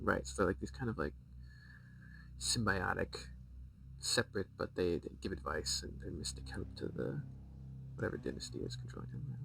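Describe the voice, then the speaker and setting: A man's voice: low-pitched, expressive, moderate pace, gravelly, long pauses, fairly bright tone, recorded from a distance, a little hiss or hum, low-quality recording. A man streaming a game, reading a book from it aloud and breaking off into amused, rambling asides.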